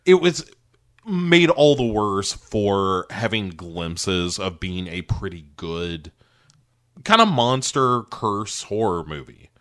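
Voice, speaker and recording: A man's voice: fairly low pitch, very animated, slow, a bit bright. An American man co-hosting a podcast, chatting casually about movies in a rambling, wry way. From United States. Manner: rambling, wry, breaks into laughs. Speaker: podcast co-host.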